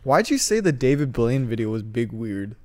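A young man speaks in a plain mid-range voice on a casual podcast. He teases his friends in a dry, deadpan way and offers flat one-word reactions. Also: medium pitch, normal speed. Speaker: podcast co-host. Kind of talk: casual chat.

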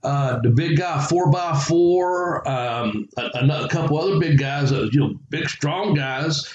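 A former wrestler from the Southern United States, appearing as a guest in a casual storytelling interview, tells meandering tales packed with chuckles and filler words. His voice sits a little high and moves at an unhurried pace. The recording is muffled, with a loud crowd, and the room is echoey with faint ambience.

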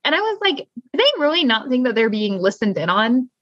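A woman's voice: a little high, very animated, brisk, no echo. A young woman co-hosting a casual TV recap chat, retelling scenes and acting out the characters' lines. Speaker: podcast co-host. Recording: dull dry lo-fi sound.

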